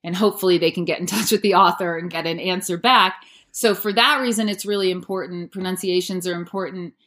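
A woman's voice: on the low side, steady tone, brisk, fairly bright tone. A woman in her thirties, an audiobook narrator, answering interview questions in a chatty way with many "like" fillers.

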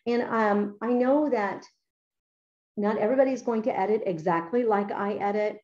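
Chatty woman teacher, mellow voice. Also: mid-range voice, moderate pace, lo-fi sound. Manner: chatty, enthusiastic, many fillers. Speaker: writing teacher. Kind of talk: explaining her paper-editing method.

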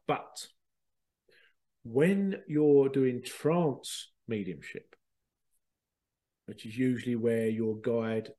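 A man, a spiritual medium hosting a show, telling stories in a chatty, animated way with laughter and the odd swear. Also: mid-range voice. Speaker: spiritual medium and podcast host. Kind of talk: casual storytelling.

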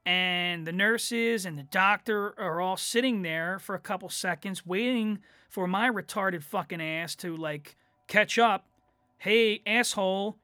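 Bright-voiced profane storyteller. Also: male voice, sits high, no echo. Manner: rambling, profane, lots of fillers. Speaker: podcast host. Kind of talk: casual solo storytelling.

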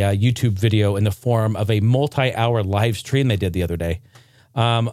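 A young man hosting a casual gaming news podcast, rambling and joking, sometimes breaking into loud shouted bits. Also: mid-range voice, dry recording. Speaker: podcast host.

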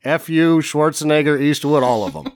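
A man co-hosting a casual movie-review chat, retelling scenes wryly and acting out lines deadpan. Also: a little high, normal speed, no room sound, studio quality. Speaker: podcast co-host.

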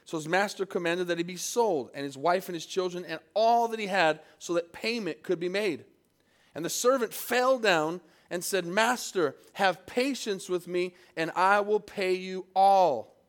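A man preaching a sermon in church, reading scripture and calling out to the congregation, swinging from emphatic peaks to quiet asides. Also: high voice, unhurried. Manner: preaching with call-and-response, rising to emphatic peaks and dropping to soft asides. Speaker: pastor. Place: church service.

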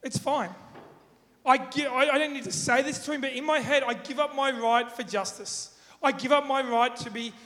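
A man's voice: extremely high pitch, moderate pace, fairly bright tone. A man preaching in a casual, conversational way, asking the audience questions and acting out everyday examples. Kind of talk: sermon. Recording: long reverb in a hall.

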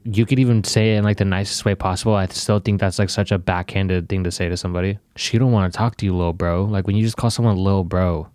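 A man's voice: low-pitched, steady tone, fast talker, hardly any pauses, a little mellow, dry recording. A man co-hosting a casual podcast, making laid-back, offhand remarks. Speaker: podcast co-host.

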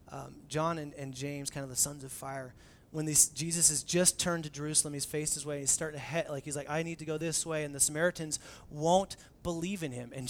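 A young adult man preaching a sermon as pastor in a conversational, animated way, acting out the dialogue he quotes. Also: fairly high pitch.

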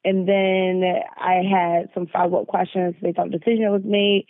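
A woman on a phone call, calmly and in detail describing a bad customer service experience. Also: mid-range voice, no room sound. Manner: measured, detailed, aggrieved. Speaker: caller. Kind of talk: phone complaint. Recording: tinny phone line.

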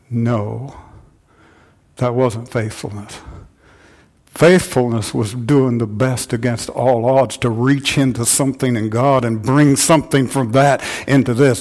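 A man's voice: steady tone, unhurried. An older man preaching a sermon to his church, repeating phrases and rising in fervor as he drives each point home. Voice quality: grows louder and higher when stirred. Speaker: pastor.

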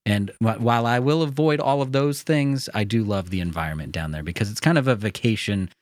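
Speaking into a studio microphone, an American podcast host chats casually with easygoing enthusiasm. He has a lowish voice, talks fairly quickly, and there is no echo.

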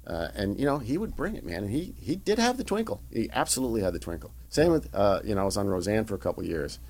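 A middle-aged man, a TV showrunner, telling animated anecdotes in an interview and acting out the voices of people he quotes. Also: on the low side, fast talker. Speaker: guest, veteran TV showrunner. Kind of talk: storytelling interview chat.

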